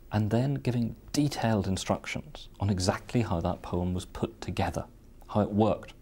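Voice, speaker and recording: A man explaining poetry in an interview, in a thoughtful, measured way. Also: low voice, warm tone, slightly rough. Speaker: literary scholar.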